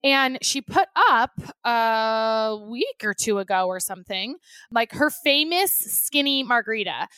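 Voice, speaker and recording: A woman's voice: a little high, lively intonation, a little slow, pushed and bright, clear, resonant tone, dry recording. A woman co-hosting a podcast in casual chat, chatty and gushing, recording from home apart from her co-host.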